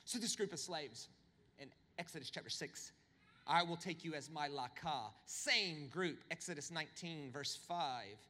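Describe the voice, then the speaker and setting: A man preaching a sermon, telling humorous stories with animated, swinging delivery. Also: in a large hall. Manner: animated, humorous storytelling with big pitch swings. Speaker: pastor.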